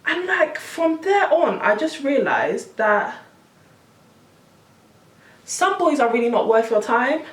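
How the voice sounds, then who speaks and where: Animated young woman telling a story. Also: sits high, slow, long pauses, recorded from a distance. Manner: animated, exasperated storytelling with slang. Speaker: vlogger. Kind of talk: storytime vlog. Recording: roomy, camera set back.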